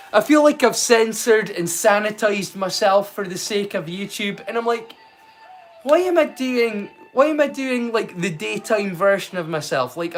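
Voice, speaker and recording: Scottish man, high voice, rambling live-stream host chatting with viewers, swears freely. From Scotland. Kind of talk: casual live-stream chat.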